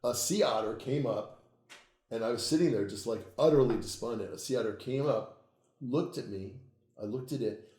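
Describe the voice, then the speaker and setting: A man, an occult author, telling stories in a casual interview, swearing freely and getting animated. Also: mid-range voice, moderate pace, reverberant. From United States. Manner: profane, animated storytelling, laughs at own tales.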